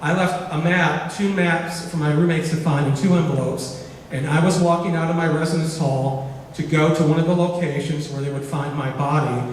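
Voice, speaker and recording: A man voicing an earnest young female student who speaks in a halting way, as he retells her words. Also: fairly high pitch, steady tone, slight background noise, lightly acted. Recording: echoey hall recorded from far off.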